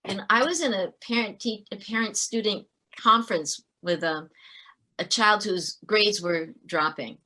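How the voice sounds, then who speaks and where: A middle-aged woman, a former teacher, telling stories as a guest in a podcast interview, earnest and animated, often restarting her sentences. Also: medium pitch, a little slow.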